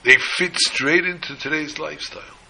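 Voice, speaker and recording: A man's voice: on the high side, normal speed, vocal fry, bright, forceful tone, breathy edge, poor audio. A man preaching a sermon, telling a parable in an emphatic way and mixing in Hebrew and Yiddish terms. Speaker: rabbi.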